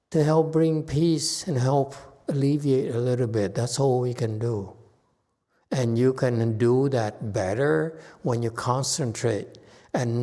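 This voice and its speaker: A man's voice: mid-range voice, mellow, big-room sound. A man teaching a Buddhist Dharma lecture in a temple, blunt and sarcastic as he scolds his listeners. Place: temple hall.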